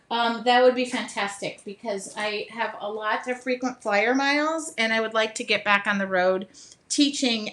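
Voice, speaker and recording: Bubbly bright-voiced woman chatting while painting. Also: fairly high pitch. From American Midwest. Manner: chatty, laughs often, sings snatches of songs; reads viewer comments aloud. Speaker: art teacher hosting a live stream. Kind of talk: casual live-stream chat while painting.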